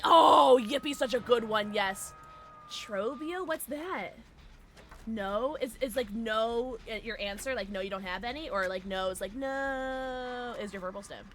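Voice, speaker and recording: A woman's voice: mid-range voice, lively intonation, a little slow, a bit bright, slight background noise. A young woman streaming a game, chatting casually and giggly with her viewers. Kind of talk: casual gaming stream chat.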